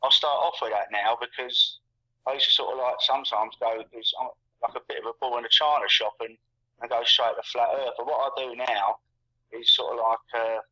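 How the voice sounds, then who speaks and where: A man in his sixties from England, appearing as a guest, talks casually and rambles, repeating words and piling up fillers. His medium-pitched voice is steady, bright and forceful, and a little fast. The conversation comes through as muffled, lo-fi call audio.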